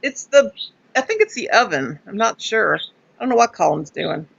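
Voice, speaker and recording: A woman's voice: medium pitch, big pitch swings, normal speed, gravelly, breathy edge. A woman in casual live chat who laughs often. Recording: muffled lo-fi audio.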